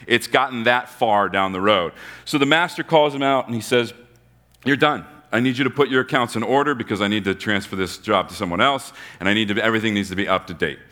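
A man's voice: mid-range voice, sharp tone. A man preaching a sermon in a casual storytelling way, acting out the characters' lines and sometimes dropping almost to a whisper. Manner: casual storytelling with voiced characters, drops to a near-whisper at times. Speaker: pastor.

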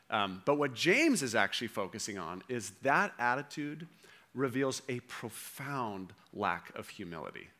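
Male pastor, bright voice, casual sermon, keeps asking "right?". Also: mid-range voice. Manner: conversational, with frequent "right?" checks to the audience.

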